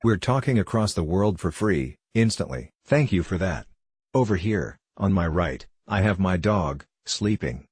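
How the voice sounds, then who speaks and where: A low, husky-voiced man shares anecdotes as an interview guest, relaxed and gently self-mocking. He talks over a video call from a room at home, and his voice comes through dry and close. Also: measured pace, no echo. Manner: wry, self-deprecating anecdotal delivery. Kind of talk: relaxed storytelling in a conversational interview.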